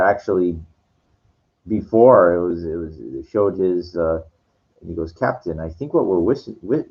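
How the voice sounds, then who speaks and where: A man casually retelling a film scene, rambling with many fillers and restarts. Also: sits low. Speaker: vlogger. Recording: dull lo-fi recording.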